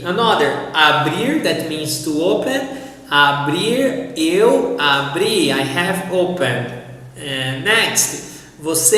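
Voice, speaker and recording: Brazilian guy teaching a language class online, slow and patient, lots of room echo. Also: sits high, bright, forceful tone. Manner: patient, repeats words slowly for practice. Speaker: Portuguese teacher. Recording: very echoey room with long reverb.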